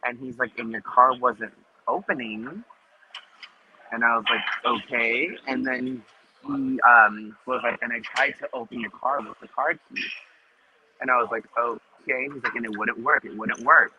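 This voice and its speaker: A man's voice: medium pitch, measured pace. Man retelling a story, lots of "like". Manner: animated retelling with acted-out quotes and many "like" fillers. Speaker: podcast host. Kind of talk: casual storytelling chat. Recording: dull lo-fi recording with clear noise.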